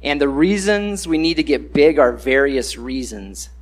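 A man's voice: medium pitch, expressive, measured pace. A man giving a casual, conversational sermon, acting out the voices he quotes.

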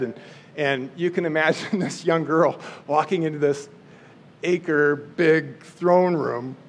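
A man casually and animatedly retelling a Bible story as a teacher. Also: on the high side.

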